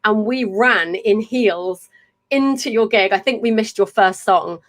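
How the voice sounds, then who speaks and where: A woman's voice: medium pitch, measured pace, a bit bright. An English woman in her thirties hosting a podcast, talking in a chatty, effusive way with rambling stories. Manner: chatty and effusive, tumbling storyteller. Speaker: podcast host. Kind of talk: casual live chat.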